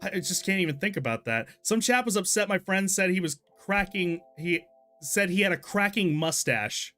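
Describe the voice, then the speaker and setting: Lively high-voiced young man streaming games. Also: moderate pace, soft background music. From Texas, USA. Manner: chatty, laughs often, exclaims in disbelief. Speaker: game streamer. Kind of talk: casual live-stream commentary while gaming and reading chat.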